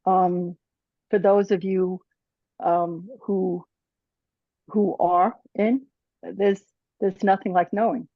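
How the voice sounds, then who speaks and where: A woman presenter giving personal closing remarks at a conference, halting and restarting often and checking in with "right?". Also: lowish voice, fairly even intonation, no room sound. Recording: dull dry lo-fi sound.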